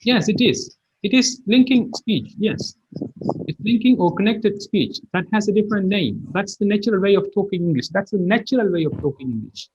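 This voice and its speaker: A man's voice: high-pitched, expressive, normal speed, a little mellow, lo-fi sound, slight background noise. A man teaching English pronunciation in an online class, explaining with repeated example phrases.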